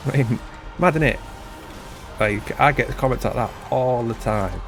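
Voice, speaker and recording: A man's voice: mid-range voice, moderate pace. A British man in his thirties, a gaming channel host, chatting casually and rambling in a self-deprecating way while he plays. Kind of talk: casual gameplay commentary. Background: faint game music.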